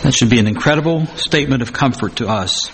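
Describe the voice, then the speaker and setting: A man's voice: mid-range voice, quick pace, a bit bright, a little hiss or hum. A man preaching a sermon, stressing his points by repeating phrases and acting out the scripture he quotes. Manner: acts out scripture quotes dramatically.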